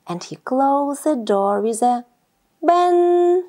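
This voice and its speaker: Woman storyteller for children's read-aloud; slow, high and expressive.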